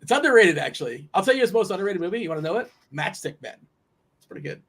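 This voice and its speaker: Playful man hosting, slightly higher voice. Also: very animated, rapid-fire, fairly bright tone, slightly rough. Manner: playful, teasing, rattles off lineups. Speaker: host. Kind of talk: casual sports betting chat.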